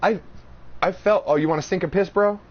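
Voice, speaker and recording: A man's voice: high-pitched, brisk. A man hosting a podcast in casual chat, telling stories with lots of swearing and acted-out quotes. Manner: animated storytelling, profane, acts out quotes. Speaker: podcast host. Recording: dull lo-fi audio, faint noise.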